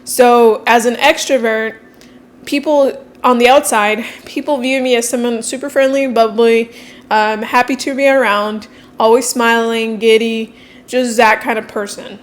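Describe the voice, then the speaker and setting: A woman speaking candidly and quickly in a casual personal vlog, with frequent fillers. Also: a little high, steady tone. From Mexican heritage. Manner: fast-talking, candid, many fillers. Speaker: coach and content creator.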